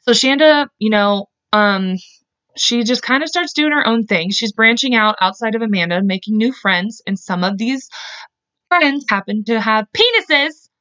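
A woman's voice: fairly high pitch, expressive, moderate pace, sharp tone, clear, resonant tone, no echo, highs cut off. A woman co-hosting a podcast, telling a true-crime case in a casual, profane, rambling way. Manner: profane, chatty, laughs and goes off on tangents. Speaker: podcast co-host.

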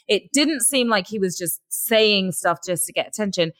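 A woman's voice: mid-range voice, expressive, moderate pace, a bit bright, dry recording. An English woman hosts a casual celebrity news chat. Her voice sits in a mid range and sounds dry and close. She reads gossip items aloud, then gives her blunt opinions. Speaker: host.

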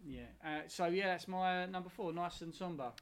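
Guy rambling happily about movies, bit high pitched. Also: brisk, very noisy. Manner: enthusiastic, rambling, swears casually. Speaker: podcast co-host. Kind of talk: casual chat about films.

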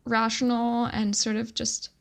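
A woman's voice: on the high side, little pitch movement, a little slow, creaky. A young adult woman co-hosting a podcast, telling a story in casual chat and filling her speech with "like". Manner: chatty, fills speech with "like". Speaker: podcast co-host.

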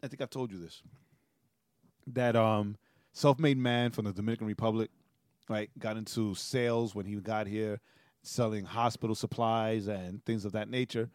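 A man's voice: fairly low pitch, steady tone, normal speed, clean tone, dry recording, clean studio sound. A man co-hosting a podcast in a casual chat, telling stories and tagging nearly every sentence with a questioning "right?". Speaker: podcast co-host.

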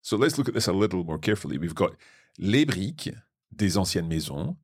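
A man's voice: low-pitched, sing-song, a little fast, breathy edge, dry recording, clean studio sound. A man with a Scottish accent, hosting a language lesson and patiently explaining a text line by line. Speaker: French teacher and podcast host.

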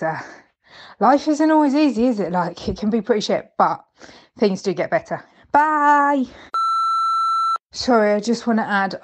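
Woman, voice message, rambling, emotional, lowish voice. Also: darkish tone. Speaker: listener sending a voice message. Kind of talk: heartfelt voice message.

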